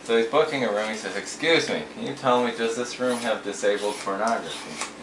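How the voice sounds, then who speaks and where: A man casually telling a string of jokes, relaxed and chatty, now and then acting out the people in them. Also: fairly low pitch, a little fast. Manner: relaxed storyteller, acts out voices in quotes. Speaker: joke teller. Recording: echoey room with faint noise.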